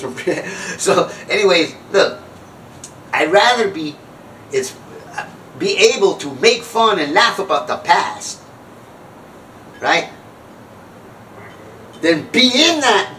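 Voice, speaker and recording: Older guy in his 60s doing a rambling funny story, kinda high voice, mic a bit far off, faint noise behind. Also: a bit bright. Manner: rambling, self-mocking, jumps back and restarts. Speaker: comedic speaker on sobriety. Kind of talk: comedic storytelling monologue.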